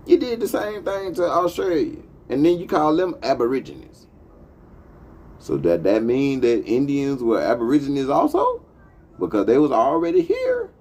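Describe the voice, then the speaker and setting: A man's voice: mid-range voice, big pitch swings, moderate pace, dark tone. A man hosting a talk show, delivering a profane, impassioned monologue. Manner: profane, heated, emphatic. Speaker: podcast host.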